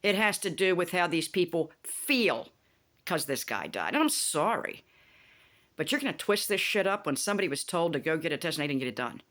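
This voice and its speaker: A woman vlogging in a casual, indignant rant, animated and swearing freely as she retells a TV plot. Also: on the low side, a little fast. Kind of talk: casual rant about a TV show.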